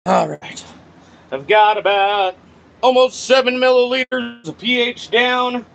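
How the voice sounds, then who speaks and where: A man with a very high, creaky, slightly bright voice hosts a plant-growing channel, talking unhurriedly in a casual talk-along style. He thinks aloud and curses at himself while mixing nutrients in a grow room, on dull lo-fi audio with faint background noise.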